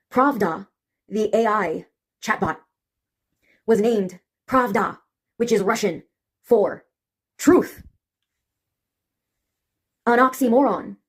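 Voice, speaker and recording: Husky woman, sardonic rant. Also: medium pitch. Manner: sardonic, mocking, ranting. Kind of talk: casual monologue.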